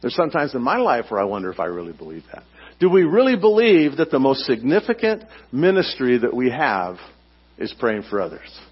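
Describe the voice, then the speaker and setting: A man's voice: medium pitch, huge pitch swings, a little fast, husky, lo-fi sound. A man preaching a sermon as pastor, emphatic and teacherly, putting questions to his congregation.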